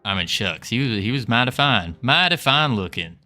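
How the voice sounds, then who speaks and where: Man, put-on southern drawl, folksy joking streamer, bright tense tone, faint music behind. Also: medium pitch, animated, moderate pace. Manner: folksy, joking, laughs often, answers chat. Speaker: livestreaming game developer. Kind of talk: casual livestream chat with viewers.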